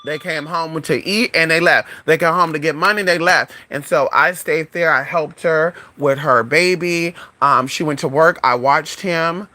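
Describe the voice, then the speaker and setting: A woman's voice: sits low, moderate pace, few pauses, sharp tone, dry recording. A woman in a casual storytime vlog, telling a frank, profane story in a chatty way. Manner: acts out other people's voices in quotes. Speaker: vlogger.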